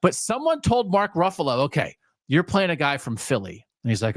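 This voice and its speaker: A man co-hosting a sports talk podcast, chatting casually and telling rambling, animated stories. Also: on the high side, brisk, no room sound, studio quality. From US Mid-Atlantic region. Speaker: podcast co-host. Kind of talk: casual chat.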